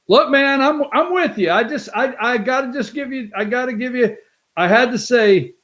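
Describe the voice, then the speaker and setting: A man hosting a political talk show, brash and excitable, with sarcastic asides. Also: extremely high pitch, normal speed. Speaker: show host. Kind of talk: animated political commentary.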